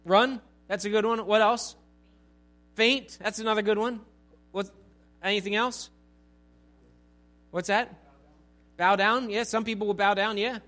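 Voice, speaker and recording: A pastor teaches a Bible passage in a relaxed, conversational way, asking his listeners questions and acting out the scenes with asides. His voice sits high and moves a little slowly, with frequent pauses.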